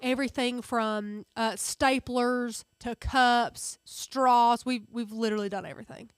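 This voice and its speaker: A woman in her thirties, co-host of a crafting show, chatting casually and eagerly jumping in with quick comments. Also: on the high side, steady tone, clear, resonant tone, no echo, clean studio sound. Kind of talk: casual chat.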